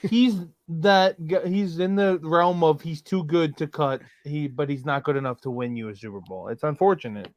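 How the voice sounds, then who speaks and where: A man co-hosting a podcast, chatting casually about football and making confident, animated predictions. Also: a little high, normal speed, few pauses, dry recording. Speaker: podcast co-host. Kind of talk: casual sports chat.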